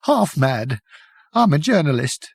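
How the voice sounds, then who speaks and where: A man voicing a half-mad, weeping male space journalist who whimpers and whispers hoarsely. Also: a little high, very animated, a little slow, dry recording, studio quality, full character voice. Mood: savage.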